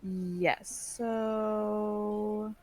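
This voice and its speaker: A woman narrating as game master in a relaxed, loose way with frequent fillers. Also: mid-range voice, very slow.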